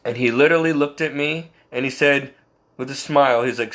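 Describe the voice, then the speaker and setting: A man's voice: medium pitch, fairly quick. A man earnestly sharing a personal faith story, self-deprecating and often laughing at himself. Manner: quotes himself and others in animated bursts. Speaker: Catholic layman sharing testimony.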